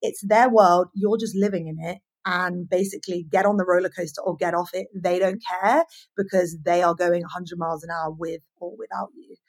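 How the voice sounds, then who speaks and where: A woman's voice: on the low side, moderate pace. A woman hosting a podcast, talking candidly and with feeling about her own past relationships. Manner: candid and animated, sharing personal stories. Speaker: podcast host. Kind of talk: casual podcast conversation.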